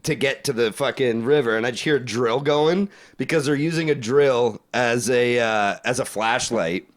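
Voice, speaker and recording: A man's voice: mid-range voice, moderate pace. A young man, co-hosting a podcast and telling a long story in casual chat, rambling, swearing a lot and laughing. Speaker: podcast co-host.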